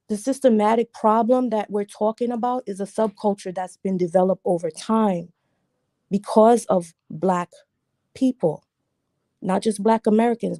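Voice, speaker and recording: A woman from Jamaica speaks on a livestream discussion panel, pressing her argument hard and hammering it home with repeated phrases. Her voice is warm and mellow. It sounds dry and close, with no room echo. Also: mid-range voice. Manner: emphatic, argumentative, repeats points for stress.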